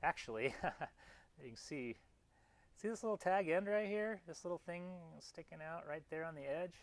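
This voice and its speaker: A man's voice: on the high side, lively intonation, normal speed, no room sound. A man giving a classroom anatomy lecture in a casual, chatty way, often restarting mid-phrase and pointing out parts on slides as he goes. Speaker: anatomy instructor.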